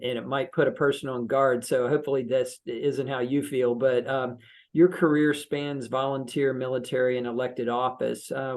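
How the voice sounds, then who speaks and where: A man's voice: mid-range voice, a little mellow. A man moderating a speaker event, leading the questions with a hesitant delivery full of "uh" and "um.". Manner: hesitant, many "uh" and "um". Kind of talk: hosting a Q&A.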